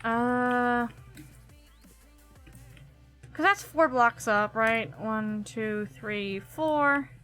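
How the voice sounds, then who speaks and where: A woman's voice: on the high side, drawn-out words, long pauses, fairly bright tone, soft background music. A young woman streaming a game, chatting casually and giggling as she thinks aloud. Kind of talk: casual gameplay commentary.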